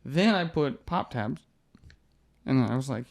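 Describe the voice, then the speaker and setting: A man's voice: mid-range voice, a little slow, gravelly. A young man in his twenties talks through a story on a podcast, with a voice that sits in an ordinary mid range. He laughs through his own lines and swears loosely. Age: 20s. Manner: animated storyteller, laughs often, swears casually. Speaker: MMA fighter guest.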